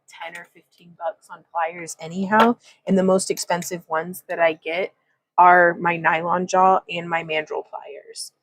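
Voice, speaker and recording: A woman's voice: on the low side, dry recording, poor audio. A woman hosting a casual craft livestream, talking through a wire-wrapping demonstration in a chatty, rambling way, laughing often and reading chat comments aloud. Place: home craft room.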